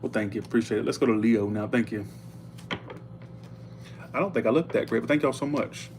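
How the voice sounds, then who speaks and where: A man's voice: mid-range voice, brisk, darkish tone, slight background noise. A man giving a casual live tarot reading, chatty and blunt, stopping often to thank viewers for tips. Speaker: tarot reader.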